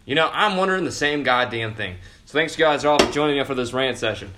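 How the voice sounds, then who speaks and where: A young man hosting a casual show, ranting loudly and swearing constantly, with sudden jumps in pitch. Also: expressive, quick pace, background noise. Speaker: podcast host.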